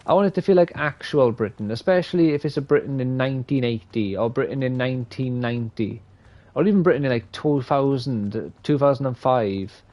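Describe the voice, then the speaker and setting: A man's voice: mid-range voice, brisk, darkish tone. A man from Wales, rambling and swearing as he gives live gameplay commentary. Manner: rambling, profane, opinionated. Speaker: streamer.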